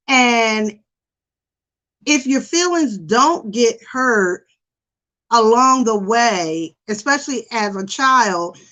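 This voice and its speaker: A middle-aged woman hosting a psychology podcast, talking in a chatty, animated way with lots of fillers. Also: fairly high pitch. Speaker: podcast host, psychology professional. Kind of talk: casual chat.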